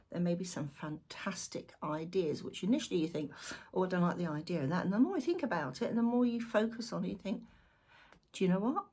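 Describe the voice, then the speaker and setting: A woman's voice: mid-range voice, a little mellow, breathy edge. A woman giving a casual weekly tarot reading to camera, thinking aloud and chatting animatedly as she goes through the cards. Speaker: tarot reader.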